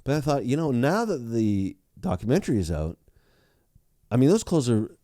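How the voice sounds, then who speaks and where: Speaking at medium pitch and a moderate pace, a young man co-hosts a podcast in easygoing, animated chat. He frequently restarts and laughs. The recording is dry and studio clean.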